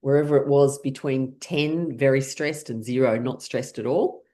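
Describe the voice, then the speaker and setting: Low-voiced woman leading laughter exercises. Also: moderate pace, warm tone. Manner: bursts into frequent forced laughter; playful, leading imaginary scenarios. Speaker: laughter yoga teacher. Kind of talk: guided online class.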